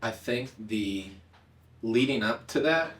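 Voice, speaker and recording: Give me a relaxed, slightly hoarse young man, heard from a distance in a roomy space. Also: mid-range voice. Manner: relaxed, halting, filler-heavy. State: slightly hoarse after singing. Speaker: musician guest. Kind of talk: casual interview answers. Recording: echoey room, a bit far from the mic.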